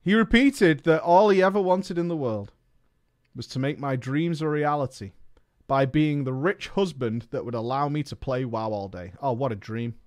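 A man's voice: mid-range voice, normal speed. A man reading a story aloud to his viewers as a streamer, breaking off to swear, laugh and crack jokes to the boys.

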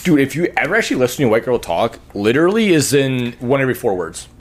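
A man's voice: medium pitch, very animated, fast, slight background noise. A man hosting a comedy podcast, upbeat and leading the segments. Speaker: podcast host. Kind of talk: casual chat.

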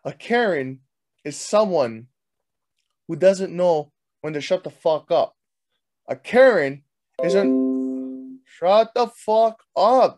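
A man's voice: high-pitched, darkish tone. A young man hosting, telling a story as a crude, heated comic rant full of swearing. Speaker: host. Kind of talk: profane comedic rant.

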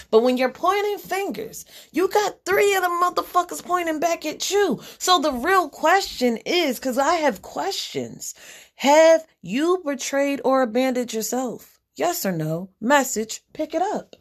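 A woman's voice: high-pitched, expressive, measured pace. A woman hosting a podcast, giving a general spiritual reading as a blunt, profane pep talk that repeats its key lines.

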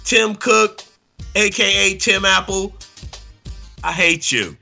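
A man's voice: sits high, slow pace, gravelly, bright, forceful tone, faint music behind. A man hosting a comedy podcast segment, delivering a profane, mocking rant.

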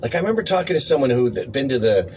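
A man's voice: medium pitch, rapid-fire, a little hiss or hum, rough recording. A man hosting a podcast, telling comedic stories in casual chat and acting out the people in them. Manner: animated, acts out voices in anecdotes. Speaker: podcast host.

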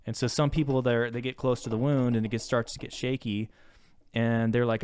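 Male therapist on a podcast mic, mid-pitched and smooth, dry close sound; thoughtful, circles back and restarts mid-thought. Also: little pitch movement, a little fast, darkish tone, no room sound. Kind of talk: casual podcast conversation.

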